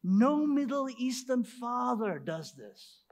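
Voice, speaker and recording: Emphatic high-voiced man preaching a sermon. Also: very animated, takes it slowly. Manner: emphatic, with rhetorical asides to the congregation.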